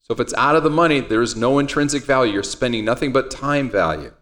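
A man's voice: mid-range voice, lively intonation, quick pace, a bit bright. A man teaching an options trading class, talking conversationally, quizzing the students and telling everyday stories. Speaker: trading instructor. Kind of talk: classroom lecture.

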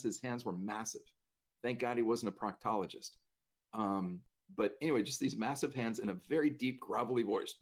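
A man recounts a personal memory conversationally, his voice mid-pitched and ordinary. He talks in a loose, self-deprecating way, with restarts and bursts of laughter along the way. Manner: casual, self-deprecating, laughs through the telling. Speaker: speaker telling a personal story. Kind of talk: conversational storytelling.

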